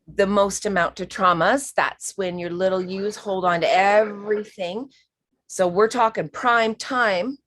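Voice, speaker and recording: A woman's voice: medium pitch, steady tone, unhurried, a bit bright. A woman giving a spiritual healing reading on a live stream, talking frankly and emphatically, swearing now and then and calling the listener honey.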